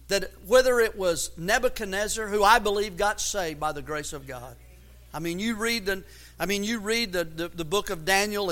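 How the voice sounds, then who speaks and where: A pastor delivers a sermon in a voice that sits high, building to loud, emphatic runs and often repeating words while he hunts for the next phrase.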